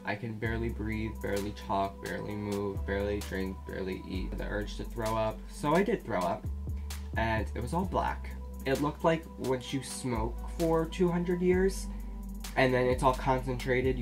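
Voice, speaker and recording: A vlogger telling a personal story to camera in a blunt, sarcastic, profane way. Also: medium pitch.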